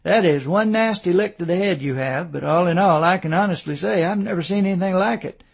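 A chatty, reassuring male doctor explains a patient's luck at length. A man with a gravelly, husky voice plays him. His tone stays easy and professional. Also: high voice, fairly quick, pitched above the performer's own voice, full character voice. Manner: reassuring, talkative.

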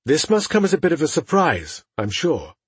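A man narrating an audiobook, voicing a confident male elf leader who speaks with courtesy and a mocking edge, in a raised, louder voice. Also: mid-range voice, expressive, moderate pace, slightly rough, no room sound. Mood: mocking, courteous.

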